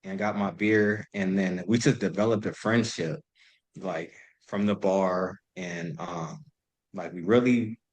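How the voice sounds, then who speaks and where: A man's voice: low-pitched, slow pace, poor audio. A man in his thirties, a podcast guest, telling stories in loose, profane casual chat full of "like". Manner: loose and profane, heavy use of "like".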